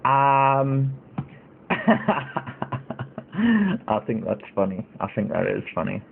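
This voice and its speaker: A man's voice: medium pitch, very animated, very slow, vocal fry, slight background noise. Indignant man ranting on a stream. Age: 30s. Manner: indignant, rambling with many fillers. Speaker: livestream host. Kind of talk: casual livestream commentary. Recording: tinny phone-like audio.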